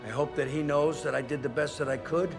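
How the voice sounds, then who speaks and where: An actor playing a weary older father figure who speaks slowly and earnestly in a dramatic TV scene. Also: on the high side, steady tone, music in the background, close to an everyday voice. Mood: earnest, solemn. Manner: slow, measured, earnest speech. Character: weary older father, stern but principled. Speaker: patriarch figure in a TV series.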